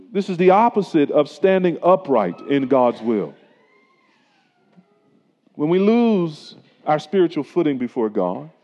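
This middle-aged man, a pastor, delivers a sermon conversationally and mixes in stories from his own life. His voice sits a little high and sounds mellow, captured on a dull lo-fi recording with a long hall reverb.

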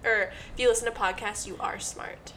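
A woman's voice: a little high, fairly even intonation, fairly quick, fairly bright tone, slight background noise. Joking woman podcast co-host. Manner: joking, teasing banter. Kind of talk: casual chat.

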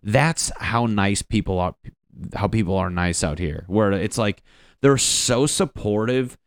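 A man's voice: fairly low pitch, unhurried, no echo, studio quality. Rambling, profane male comedian. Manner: rambling, profane storytelling with acted-out quotes. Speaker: stand-up comedian. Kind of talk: stand-up comedy bit.

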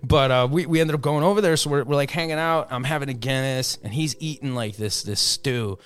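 A man in casual conversation, spinning a long story with lots of "you know" and swearing. His voice sits at an ordinary middle pitch. His delivery is lively and animated, and he slips into the voices of the people he quotes. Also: brisk, smooth. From Puerto Rican roots, raised in New Jersey/New York area. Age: adult, former indie wrestler.

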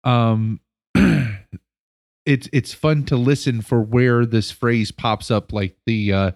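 A male educator co-hosting a relaxed podcast, telling an anecdote in an unhurried, meandering way. He pauses and restarts often and leans on fillers as he goes. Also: mid-range voice. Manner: rambling, with many fillers and restarts. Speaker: podcast co-host. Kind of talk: casual storytelling chat.

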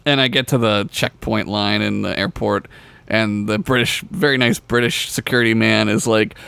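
A man's voice: lowish voice, steady tone, moderate pace, creaky, pushed and bright, clean tone, no room sound. A man co-hosting a podcast, telling stories in a sardonic, profane, casual way. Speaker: podcast co-host. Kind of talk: casual chat.

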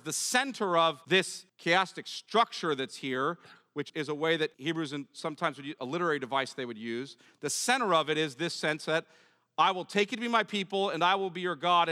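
A man preaching a sermon as pastor, reading scripture with rising emphasis and dropping soft and low on key points. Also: in a large hall.

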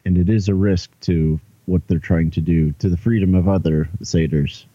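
A man's voice: low voice, steady tone, normal speed, warm tone, breathy edge, dull audio. A man playing his character in a tabletop game, talking earnestly and persuasively with some hesitation. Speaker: player. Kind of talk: in-character tabletop role-play.

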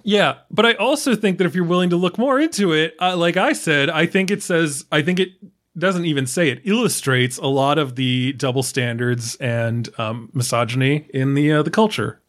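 Man, American accent, high-pitched, animated, profane, casual podcast talk. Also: normal speed. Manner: animated, profane, acts out characters' lines. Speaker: podcast co-host. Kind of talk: casual film discussion.

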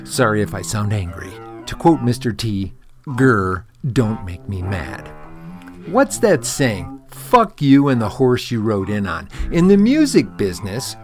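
A man presenting a scripted rant segment on a podcast, gruff and profane. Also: medium pitch, darkish tone.

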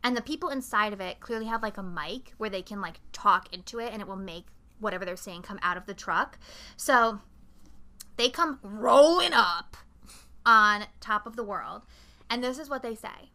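Recapping a film on the podcast she co-hosts, this young woman rambles, curses, and animatedly performs the quotes. She has a mid-range voice at a normal speed.

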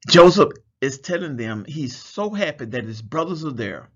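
Husky, gravelly-voiced man preaching. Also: on the high side, big pitch swings, normal speed, fairly bright tone, muffled recording. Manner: reads scripture aloud and explains it, stretching words for emphasis. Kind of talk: Bible study sermon.

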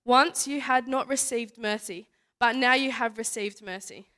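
A woman's voice: on the high side, moderate pace, a bit bright. A young woman giving a casual testimony talk at church, chatty and full of fillers, laughing now and then. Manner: chatty, full of "like" and "you know", laughs often. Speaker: youth speaker at church.

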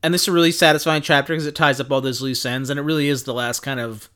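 A woman's voice: rumbling low, fairly even intonation, very fast, a bit bright. A woman co-hosting a casual book podcast, musing and hesitant with dry asides. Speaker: podcast co-host. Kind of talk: casual book discussion chat.

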